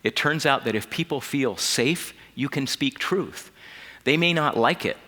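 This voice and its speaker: A man giving an earnest keynote speech, telling personal stories and sometimes dropping to a hushed voice. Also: medium pitch, unhurried. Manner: earnest, drops to a hushed voice in emotional passages. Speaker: keynote speaker. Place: conference hall. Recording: long hall reverb.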